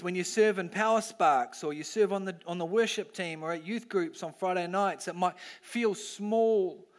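Animated high-voiced male pastor preaching. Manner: animated, acts out cheering crowd voices. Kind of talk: sermon.

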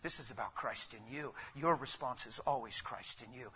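A man preaching a sermon in a conversational, rhetorical way, with sudden loud bursts. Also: medium pitch, normal speed, gravelly, slight background noise. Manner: conversational, calls listeners "man" and "guys". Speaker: pastor.

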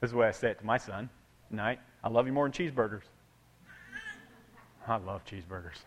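A man preaching a sermon in a conversational way, swinging from loud repeated words down to hushed asides. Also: fairly low pitch, fast. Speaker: pastor. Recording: long hall reverb.

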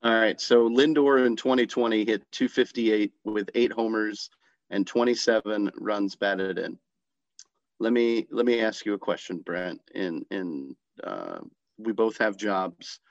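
A man with a lowish voice co-hosting a casual sports podcast, laying out his case earnestly. The recording is dull and lo-fi, with a dry, close sound. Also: a little slow, gravelly, no echo. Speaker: podcast co-host.

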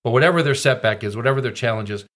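A man's voice: mid-range voice, fairly bright tone. Man, pastor, podcast co-host, encouraging, stop-start questions. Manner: encouraging, halting restarts. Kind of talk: podcast interview.

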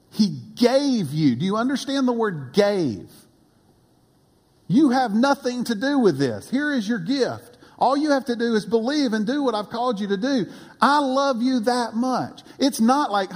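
A man preaching a sermon as pastor, with animated delivery that often drops to a low aside. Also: unhurried, long reverb tail. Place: church.

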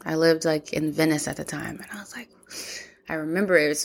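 A woman's voice: sits low, fairly quick, creaky. A woman telling a personal story in a reflective way, acting out remembered conversations. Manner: reflective, acts out remembered dialogue. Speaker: podcast host.

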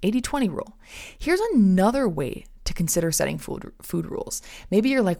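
A woman's voice: on the low side, big pitch swings, a little fast, creaky, warm tone. A woman in her thirties hosting a nutrition podcast, talking to listeners as friends and acting out little inner voices in asides. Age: 30s. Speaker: podcast host. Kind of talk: faith-based nutrition podcast talk.

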